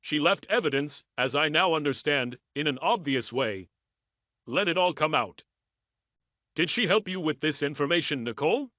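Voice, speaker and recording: A man narrating a first-person story in a measured, even reading style. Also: fairly high pitch, no room sound.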